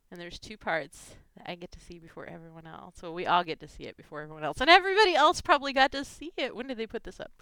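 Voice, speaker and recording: A woman's voice: fairly low pitch, lively intonation, a little fast, pauses often, fairly bright tone, smooth, no echo. A woman chatting casually on her vlog, giggling often and gushing emotionally. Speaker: fan fiction vlogger. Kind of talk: casual chat reading gifts.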